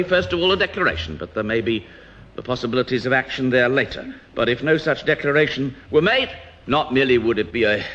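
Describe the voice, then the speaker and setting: A man's voice: medium pitch, fairly bright tone, a little hiss or hum. Man, parliamentary debate speech, emphatic and rhetorical, dull archive broadcast sound. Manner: rhetorical, emphatic, with pauses and restarts. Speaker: opposition politician. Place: House of Commons debating chamber.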